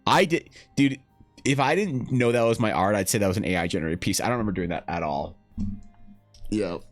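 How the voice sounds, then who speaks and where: A man streaming live while drawing, chatting casually in a rambling, joking way with animated asides. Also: fairly low pitch, brisk, faint music behind. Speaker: streamer and game master. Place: home streaming setup.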